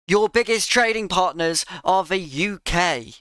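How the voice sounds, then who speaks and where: A man's voice: sits high, measured pace, few pauses, bright, forceful tone, clean tone, no echo. A man giving a sarcastic, exasperated reaction rant to another creator's video.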